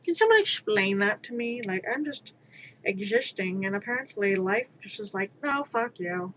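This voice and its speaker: A woman's voice: medium pitch, animated, normal speed, a bit bright, dull audio, slight background noise. A woman streaming live from her room as she works on a craft, talking to herself and half-whispering pleas at her work. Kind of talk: live-stream self-talk while crafting.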